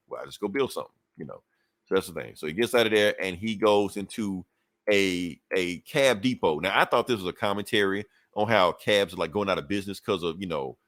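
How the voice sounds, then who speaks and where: Low-voiced man loosely recapping comics. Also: a bit bright, no room sound. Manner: loose, profane storytelling with filler asides. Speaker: podcast co-host reviewing comics. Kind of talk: casual comic book recap.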